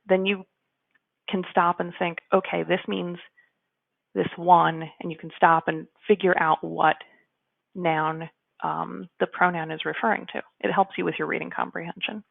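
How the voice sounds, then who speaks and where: A woman teaching a Spanish grammar lesson in a chatty way, slowing down to model example sentences. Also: lowish voice, level tone, gravelly, no echo. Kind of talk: explanatory lesson. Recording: dry, phone-like narrow sound.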